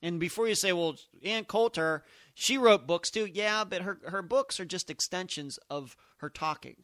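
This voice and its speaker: A man's voice: sits high, normal speed, a bit bright, no echo, clean studio sound. A man hosting a solo podcast, thinking aloud in emphatic, musing commentary. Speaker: podcast host.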